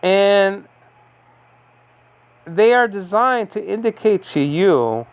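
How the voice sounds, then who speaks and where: Gravelly man teaching with many pauses. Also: sits high, expressive, no room sound. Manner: explains slowly with many fillers and checks. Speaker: Greek language teacher. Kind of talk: recorded lesson. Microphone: recording on a device he operates.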